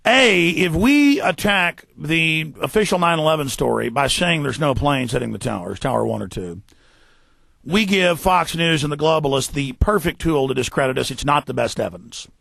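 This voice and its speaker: A man hosting a radio talk show, ranting fast and forcefully, tripping over repeated words. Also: a little high, lively intonation, gravelly, dry recording. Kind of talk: heated radio monologue. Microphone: studio microphone.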